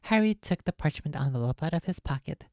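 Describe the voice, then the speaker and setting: Woman streamer reading aloud; low, casual, jokey, swears in asides, dry close sound. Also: animated, brisk, darkish tone, no room sound.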